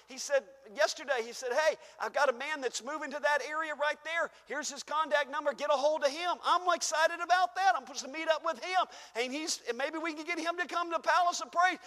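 High, bright-voiced preacher man in a reverberant hall. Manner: fervent preaching, rising and shouting, then chuckling asides. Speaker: pastor. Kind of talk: sermon. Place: church sanctuary.

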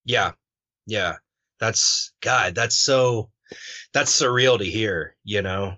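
A man's voice: fairly low pitch, slow, pushed and bright, no echo. A man hosting a podcast interview, casual and blunt, swearing freely and filling his questions with ums. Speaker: podcast host. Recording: dull, muffled dry recording.

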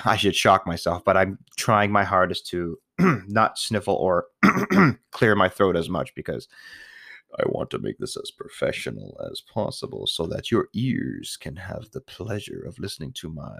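A man's voice: low-pitched, a bit bright, dry recording, studio quality. A young man hosting his first podcast, rambling in casual chat, swearing freely and mocking himself, nervous and full of "um"s and sniffles. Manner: rambling, profane, self-mocking, with fillers and sniffles. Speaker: podcast host.

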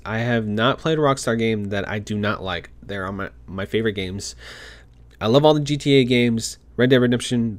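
A man reading a game article aloud and adding his own excited, gushing commentary, talking fast with frequent restarts. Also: lowish voice. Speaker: gaming commentator.

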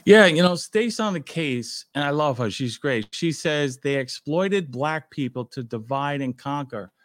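A man's voice: on the high side, animated, unhurried, a bit bright. A man with a New York accent, a retired police officer co-hosting a talk show, speaking in an emphatic, opinionated way. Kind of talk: casual talk show chat.

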